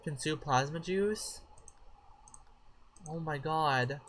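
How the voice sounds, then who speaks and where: A woman's voice: sits low, takes it slowly. A woman casually commenting on her own life-simulation game, chatty and profane, breaking into sudden shrieks of surprise. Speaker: gaming channel host. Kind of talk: casual let's-play commentary.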